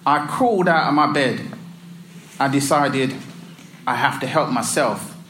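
A man narrating a personal religious testimony in a slow, earnest, deliberate way. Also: mid-range voice, a bit bright, slight background noise. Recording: echoey room, faint ambience.

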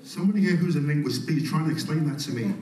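A man preaching a sermon, calling out to the congregation and swinging between loud, rising passages and soft, quiet ones. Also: on the high side, very fast. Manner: call-and-response preaching, swelling loud then dropping soft. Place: church. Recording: echoey church hall, mic at a distance.

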